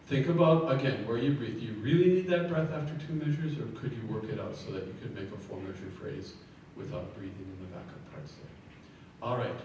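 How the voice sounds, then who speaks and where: A man leading a choir rehearsal, giving brisk feedback on phrasing and breathing, counting the singers in and singing short sample phrases. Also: medium pitch, darkish tone, dull audio. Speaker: choir clinician. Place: large echoey rehearsal hall. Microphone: room recording from a distance. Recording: echoey hall from far off, faint noise.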